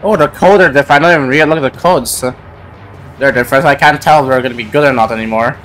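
A man's voice: mid-range voice, fast talker, a bit bright, soft background music. A man rambling through card packs, naming each card aloud with lots of filler words. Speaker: YouTuber opening trading cards. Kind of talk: casual card-opening commentary.

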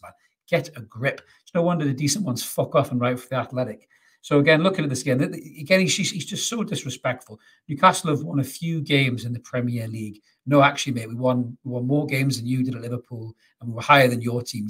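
A husky-voiced man rants about football as a fan channel host. He swears freely and mocks with scorn, in a middle-pitched voice. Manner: angry, sweary, mocking. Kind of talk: ranting commentary to camera.

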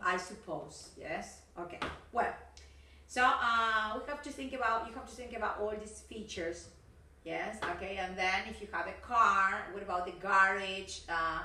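Woman teaching english slowly, bright voice, kinda far from the mic. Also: medium pitch. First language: Spanish. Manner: slow and patient, checks in with "yes, okay?". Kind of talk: recorded online class. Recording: roomy, from off-mic.

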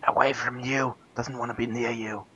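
A man's voice: mid-range voice, level tone, normal speed, bright, forceful tone, lo-fi sound. A young man joking and teasing his friend in a casual chat over a voice call, laughing often. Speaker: co-host chatting on a voice call. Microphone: computer mic on a voice call.

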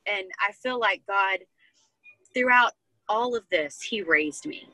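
A woman's voice: mid-range voice, animated, slow, sharp tone, no room sound, low-quality recording. A young woman talking as a guest, telling her personal testimony in an earnest, heartfelt way. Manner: earnest, heartfelt storytelling with many fillers. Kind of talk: personal testimony in casual chat.

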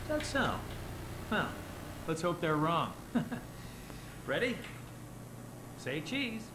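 A man's voice: on the high side, big pitch swings, extremely slow, roomy sound, background noise, full character voice. An actor playing a friendly young male researcher who reassures his patient before a scan. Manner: chatty, reassuring, light laughs.

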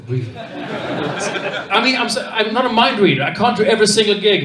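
A man with a Swedish accent doing a stand-up comedy set in a dry, deadpan manner. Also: high voice, brisk, crowd noise. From Sweden. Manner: deadpan, dry ironic delivery. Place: comedy club stage. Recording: roomy club from a distance, loud noise. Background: audience laughter.

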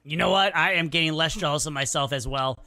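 A woman's voice: low voice, fast, noisy background. A woman in a fan roleplay, joking around out of character with playful, teasing banter. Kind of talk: casual chat out of character.

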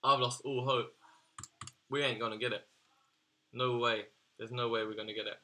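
A man's voice: medium pitch, fairly even intonation, normal speed, pushed and bright. A young man giving casual, exasperated gaming commentary, swearing and slangy as he reacts. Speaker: gaming YouTuber.

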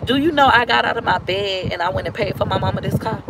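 A woman's voice: mid-range voice, quick pace, vocal fry, background noise. A woman in her thirties venting bluntly and with plenty of profanity in a casual vlog. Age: 30s. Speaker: vlogger.

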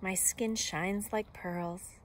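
A woman reading aloud and voicing a vain little girl in a red cape, high and preening. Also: fairly even intonation, extremely slow, slight background noise.

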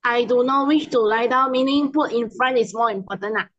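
A woman's voice: a little high, fairly quick, dry recording, muffled recording. A woman student answering hesitantly and unsure in an online class.

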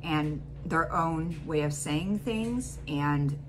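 A chatty American woman rambles through a casual to-camera rant, her voice sitting on the low side. A steady hum and noise run under the recording. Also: slow. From United States. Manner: rambling, chatty, with frequent fillers and laughs. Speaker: reaction vlogger.

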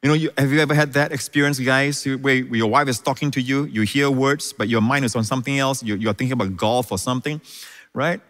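A man's voice: mid-range voice, fairly even intonation, fast talker, a bit bright. A man preaching a sermon as pastor, emphatic, repeating key phrases and often exclaiming praise. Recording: reverberant hall.

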